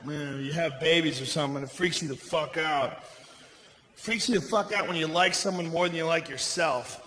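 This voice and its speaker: A middle-aged man performing a loud, profane stand-up comedy routine, often shouting, before a laughing audience in a venue. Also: a little high, moderate pace. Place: large indoor comedy venue. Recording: echoey live venue with audience noise.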